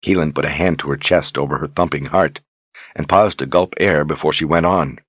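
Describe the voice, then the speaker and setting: A man narrating a fantasy audiobook in a steady, measured way. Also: a bass voice, breathy edge, no room sound. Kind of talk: scripted narration.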